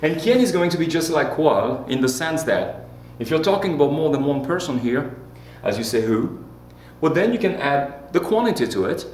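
A man's voice: on the high side, sing-song, normal speed, a little mellow. Man, teacher, playful and joking, leads repeat-after-me drills, echoey room, faint hum. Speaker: Spanish teacher. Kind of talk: classroom lesson. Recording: roomy echo with faint hum.

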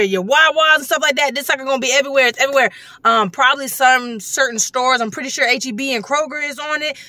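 A woman doing a casual taste-test vlog at a gas station. She talks in a slangy, animated way and bursts into loud exclamations. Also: a little high, dry recording. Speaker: vlogger reviewing a soda.

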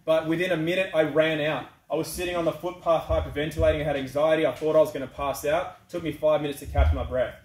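A man's voice: a little high, steady tone, fast talker, hardly any pauses, a little mellow. A man speaking as a guest to an assembly, answering questions from the floor in a plain-spoken way. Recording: echoey hall from far off, faint noise.

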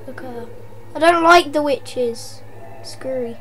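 A woman's voice: high voice, measured pace, a crowd in the background. A woman with a worn-out voice, casually commenting on a game she is playing, joking and yelping when startled. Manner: jokey, yelps and shouts at scares. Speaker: gameplay commentator. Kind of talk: casual let's-play commentary.

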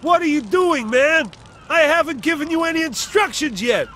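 An actor playing a bossy, pompous fire chief in an animated cartoon. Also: male voice, very high-pitched, normal speed, over music.

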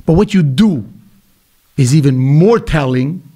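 Animated, blunt middle-aged man. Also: a little high, a little slow. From Quebec, Canada. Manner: animated, emphatic storytelling with blunt asides. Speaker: podcast guest, businessman. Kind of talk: casual podcast conversation.

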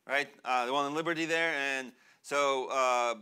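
A young man born in Russia, a pastor preaching a sermon in a church, animated and chatty, laughing often and using many fillers. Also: medium pitch, normal speed, clear, resonant tone. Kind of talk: sermon with personal storytelling. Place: church sanctuary.

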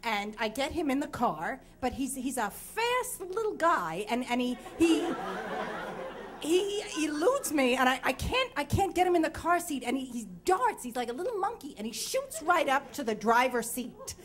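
A woman's voice: high voice, big pitch swings, moderate pace, crowd noise. A woman in her thirties telling a frank, self-deprecating comic story on stage before a live audience, sounding sleep-deprived.

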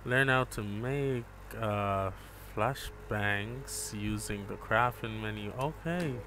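A man giving relaxed live gameplay commentary, chatting with viewers and calling them bro. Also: fairly low pitch, slow pace, a little hiss or hum. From Jamaica. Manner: laid-back, chats with viewers, calls them bro. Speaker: gaming streamer.

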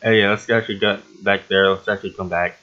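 A man hosting a gaming channel talks through his playthrough in a casual, rambling way, quick to yelp or laugh. His voice sits a bit on the low side for a man. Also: highs cut off. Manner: excitable and rambling, yelps and laughs often. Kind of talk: casual let's-play commentary.

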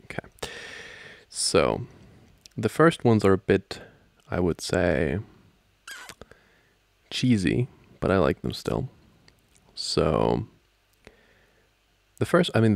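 A young man in a whispered role-play as a boyfriend, soft-spoken and playful, laughing often, close to the microphone. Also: sits low, big pitch swings, takes it slowly, vocal fry, pauses often, no echo.

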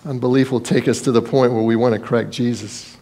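A man's voice: mid-range voice, fairly even intonation, fairly quick, dark tone. A man preaching a sermon as pastor, in a conversational style, acting out quoted voices and sometimes repeating words.

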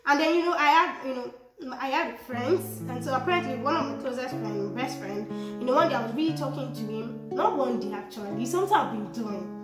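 High-voiced chatty young woman vlogging. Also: fairly quick. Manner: chatty, animated, raises voice when emphatic. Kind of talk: casual self-improvement talk to camera. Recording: echoey room with music behind.

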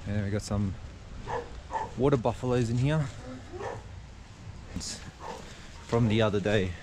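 A man's voice: fairly low pitch, measured pace. A man filming a travel vlog outdoors on a village farm, chatting casually and asking curious questions. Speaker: travel vlogger. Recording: noisy outdoor camera audio.

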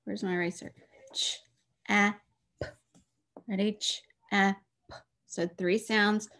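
A woman teaching a phonics lesson to children, slowly and patiently sounding out letters and words. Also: medium pitch, flat delivery, fairly bright tone.

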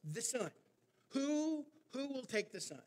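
Man doing a persistent auctioneer, high voice, pressing questions. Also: sing-song, takes it slowly, darkish tone, exaggerated voice. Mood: insistent. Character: male auctioneer, insistent and persistent.

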